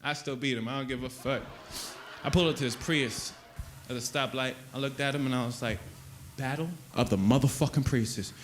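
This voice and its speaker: A man doing a stand-up comedy set on stage, profane and animated, often acting out voices. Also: medium pitch, fairly quick, soft background music.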